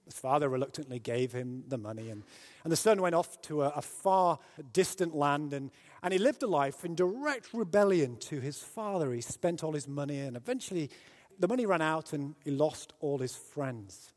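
A man from Britain preaching a sermon, telling a story and building to loud, emphatic peaks. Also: fairly high pitch, expressive, normal speed. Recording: long hall reverb.

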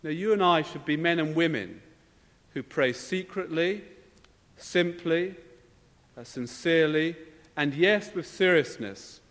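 A man preaches a sermon, measured and emphatic, asking his listeners pointed rhetorical questions. His voice sits fairly high for a man and carries the long, spacious reverb of a church. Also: a bit bright.

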